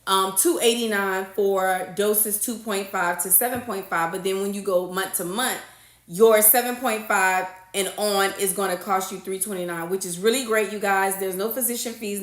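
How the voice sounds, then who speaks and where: A woman hosting a casual livestream, talking to her viewers as a registered nurse. Her voice is bright and forceful, at a middle pitch for a woman. She repeats herself and reads out and answers chat comments, and the room gives her voice a clear echo. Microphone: phone or webcam livestream setup.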